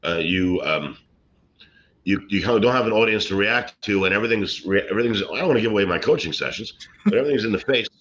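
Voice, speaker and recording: A middle-aged man, a comedian telling rambling stories and deadpan jokes in a casual interview. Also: on the low side, fast talker. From Brooklyn, New York. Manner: rambling, joking, deadpan punchlines. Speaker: guest, comedian and actor. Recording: slightly muffled lo-fi recording.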